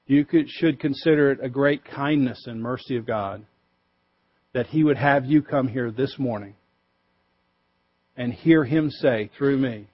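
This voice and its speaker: A male pastor preaching a sermon, emphatic, pushing his voice up for stress and dropping low and quiet to drive points home. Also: lo-fi sound. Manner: emphatic, rises and drops for stress.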